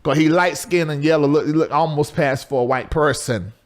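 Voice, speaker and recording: A middle-aged man, hosting a live call-in talk show in a loose, chatty way, jumping between loud exclaims and low asides. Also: a little fast. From Southern US.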